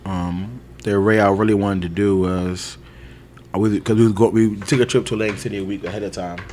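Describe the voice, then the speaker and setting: A man's voice: lowish voice, steady tone, fairly quick, a little mellow, a little hiss or hum. A young man telling a long personal story in casual podcast chat, loose and chatty with lots of fillers. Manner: loose storyteller, lots of "like" and "you know", laughs often. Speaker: podcast co-host.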